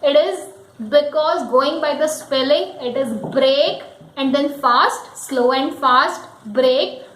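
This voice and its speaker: A woman teaching pronunciation, slowly repeating each word several times. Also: high voice, a bit bright, echoey room, poor audio. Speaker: English teacher. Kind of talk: pronunciation lesson.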